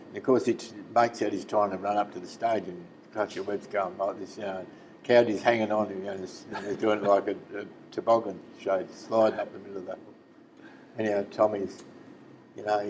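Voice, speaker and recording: A man's voice: fairly low pitch, steady tone, a little fast, darkish tone, slight background noise, low-quality recording. A man in his seventies with an Australian accent, a former footballer telling rambling stories in a casual interview and acting out the voices he quotes. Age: 70s. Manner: rambling yarn-teller who acts out quoted voices.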